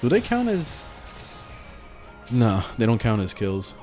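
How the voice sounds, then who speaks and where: A man streaming a video game, chatting casually and telling an animated story with lots of swearing, reading questions from chat, faint game music behind him. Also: medium pitch, slow pace.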